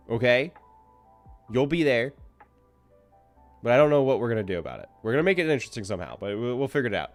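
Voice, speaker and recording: Male streamer, casual chat, rambling, self-deprecating, mid-pitched voice, faint music behind.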